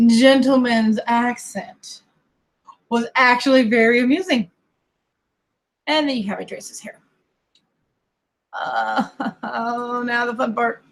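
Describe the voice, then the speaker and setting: Drawing as she streams, this young woman from the western US (Colorado and California) rambles chattily, wandering off topic with laughter and playful remarks. She speaks at a medium pitch in a mixed American accent lightly tinged with Kentucky Southern.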